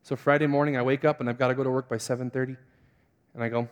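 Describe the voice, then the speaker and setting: A young man, a pastor, telling a funny self-mocking story in a sermon and acting out the voices with big jumps in pitch. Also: very fast. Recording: long hall reverb.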